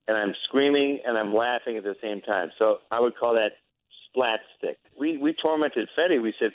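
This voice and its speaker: A man's voice: mid-range voice, animated, moderate pace, no echo. A man from Oregon giving a casual interview, talking in an emphatic, enthusiastic way. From Oregon, USA. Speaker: interview guest. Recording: tinny phone line, dry.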